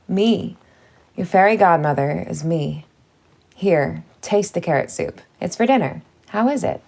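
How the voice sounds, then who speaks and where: A woman's voice: on the low side, animated, measured pace, gravelly, darkish tone, full character voice. A woman voicing a bossy, motherly older fairy cook who talks brusquely and scolds. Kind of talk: audiobook character voice.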